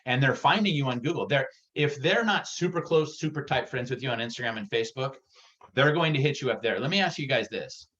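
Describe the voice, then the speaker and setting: Excitable man coaching a sales workshop. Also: medium pitch, brisk. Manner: energetic, excitable, punchy and direct. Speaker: real estate sales coach. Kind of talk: workshop presentation. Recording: dull lo-fi recording.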